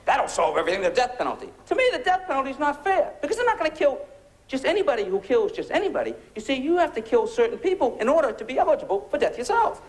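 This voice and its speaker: He's a fast-talking American stand-up with a very high voice that swings a lot in pitch. His biting, sarcastic set on a comedy club stage is built on punchy rhetorical questions, drawing laughter from the audience.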